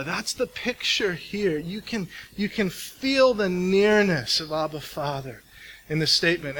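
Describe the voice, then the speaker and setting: A man preaching a sermon in an earnest way, dropping softly on intimate words and speeding up as he tells stories. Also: sits high, a little hiss or hum, poor audio. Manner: earnest, speeds up when telling stories, drops to soft intimate tones.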